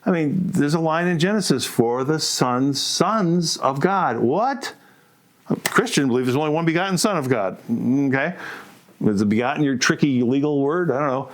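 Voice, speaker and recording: A middle-aged man co-hosting a podcast, talking in a casual, animated way, firing off provocative rhetorical questions and calling his listeners folks. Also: a little high, a little fast. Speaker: podcast co-host. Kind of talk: casual opinionated monologue.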